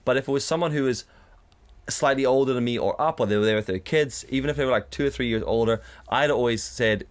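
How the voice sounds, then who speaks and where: A man in his thirties from the UK, co-hosting a casual podcast chat, telling rants in a sweary, animated way. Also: medium pitch, fast. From United Kingdom. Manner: sweary, animated storytelling with mocking put-on voices. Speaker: podcast co-host.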